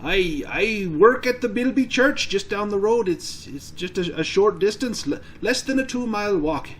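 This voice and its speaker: A man's voice: high-pitched, animated, normal speed, fairly bright tone, a little hiss or hum, pitched above the performer's own voice. A man voicing a friendly old village priest with an Irish accent, rambling and eager.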